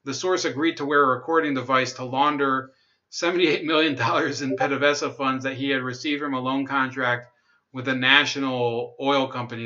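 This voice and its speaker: A man's voice: mid-range voice, bright, forceful tone, highs cut off. Sarcastic man reading news on a livestream. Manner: sarcastic, laughs at own jokes, reads chat comments. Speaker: livestream host.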